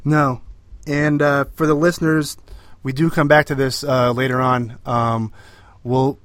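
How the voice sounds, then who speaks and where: A man's voice: medium pitch, flat delivery, unhurried, fairly bright tone, no echo. A man co-hosting a podcast in casual chat, rambling with many fillers and restarts. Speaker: podcast co-host.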